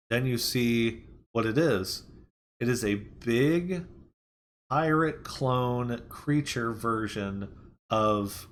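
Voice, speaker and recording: A man's voice: medium pitch, a little hiss or hum. Rambling casual man recapping a movie. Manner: retells scenes loosely, quoting characters conversationally; rambling with frequent "like" and "you know". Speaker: movie reviewer.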